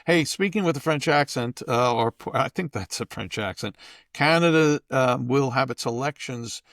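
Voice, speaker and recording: A man co-hosting a talk show, chatty and rambling, asking halting questions. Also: medium pitch, a bit bright, no room sound, studio quality. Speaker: co-host. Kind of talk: casual interview chat.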